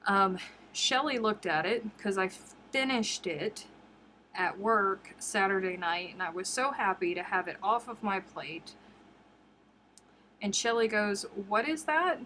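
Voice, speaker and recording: A woman chatting casually on her crochet livestream, telling stories in a lively, chatty way. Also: a little slow, a little hiss or hum. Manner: chatty storyteller, jumps high acting out quotes.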